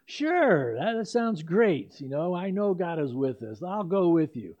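A man's voice: high voice, sing-song, unhurried. An older man voicing an eager, earnest young disciple who readily agrees. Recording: dull lo-fi recording.

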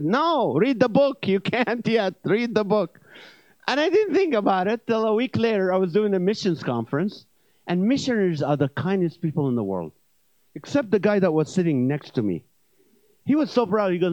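A male evangelist preaching a comic sermon to a church crowd, telling stories with animated, joking delivery. His voice sits slightly high. The recording sounds dull and very dry. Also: brisk, no room sound. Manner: animated, joking, swings between loud punchlines and quiet asides. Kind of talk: comedic sermon storytelling. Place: church service.

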